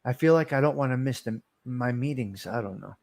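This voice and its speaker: A man's voice: mid-range voice, brisk, darkish tone. A middle-aged man, rambling and teasing viewers by name as he hosts a casual live stream. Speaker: livestream host.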